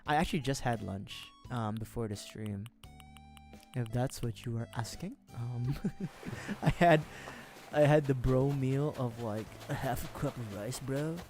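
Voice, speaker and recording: A man's voice: medium pitch, unhurried, darkish tone, faint music behind. A man from the Philippines chatting casually with viewers on a gaming livestream, laughing often and swearing freely as he rambles.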